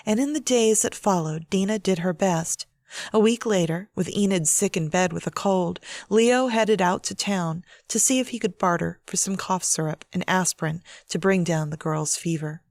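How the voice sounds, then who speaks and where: Give me a woman author narrating her audiobook in a steady, measured way, slightly low and dry. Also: no echo. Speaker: author reading her own novel.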